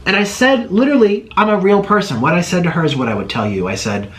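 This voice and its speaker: A man's voice: high voice, lively intonation, fast, low-quality recording. A man vlogging to camera in an agitated, indignant rant, firing off rhetorical questions and mockingly imitating others. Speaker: YouTuber. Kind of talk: heated personal rant to camera.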